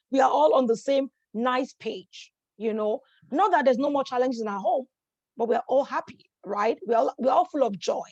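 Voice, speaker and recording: A woman with a high voice leads a motivational masterclass, energetic and encouraging. She keeps checking in with her listeners and repeats phrases to drive them home. The sound is dry and close. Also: dry recording, muffled recording. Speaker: life coach hosting a masterclass. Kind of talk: motivational teaching talk.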